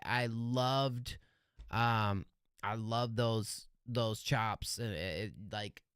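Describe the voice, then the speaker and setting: A man's voice: mid-range voice, a bit bright, smooth, dry recording, clean studio sound. A man hosting a live music review stream, chatting casually and enthusiastically with lots of slang, fillers and restarts. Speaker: livestream music review host.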